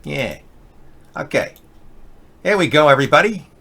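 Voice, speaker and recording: A man's voice: a little high, big pitch swings, moderate pace, vocal fry, fairly bright tone, slightly rough. Sarcastic rambling livestream host, a man. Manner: sarcastic, rambling, reads comments and tweets aloud. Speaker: livestream political show host. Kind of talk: casual live chat reading viewer comments.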